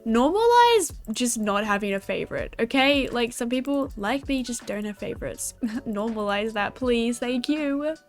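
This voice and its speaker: A teenage girl with an Australian accent chatting casually to her viewers in a vlog, bubbly and quick to giggle. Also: on the high side, lively intonation, faint music behind. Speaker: gaming YouTuber.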